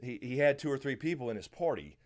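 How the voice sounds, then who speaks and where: This livestream host is a fast-talking man with a mid-range voice and a Southern American accent. During his casual question-and-answer stream he rambles in a relaxed way, greeting people in chat by name and replying to them directly.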